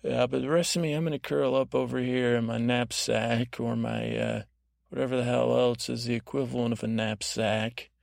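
Drowsy rambling man with a gravelly voice. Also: medium pitch, flat delivery, a little mellow, no room sound, clean studio sound. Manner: rambling, drowsy, lulling, with halting restarts. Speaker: podcast host. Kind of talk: meandering bedtime monologue.

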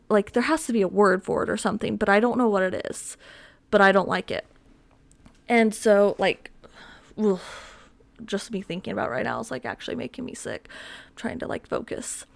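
A woman's voice: mid-range voice, animated, normal speed, vocal fry, pauses often. A young woman hosting a podcast from home, chatting casually in a rambling, filler-heavy, self-mocking way. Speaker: podcast host. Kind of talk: casual solo chat. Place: home with dogs around.

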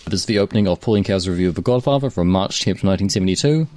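A man discussing a film casually as a podcast co-host, halting and repeating words. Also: low-pitched, darkish tone.

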